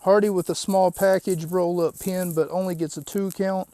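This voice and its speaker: A man's voice: sits high, steady tone, normal speed, warm tone, no room sound. A man hosting a podcast, recapping a show in a rambling, chatty way with lots of asides. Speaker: podcast host. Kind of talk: casual recap of a wrestling show.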